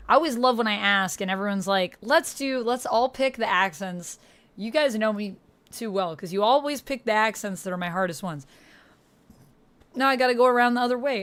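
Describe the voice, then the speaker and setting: A woman streamer chatting casually while playing a game live, wondering aloud and answering her chat. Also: mid-range voice. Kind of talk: gaming livestream commentary.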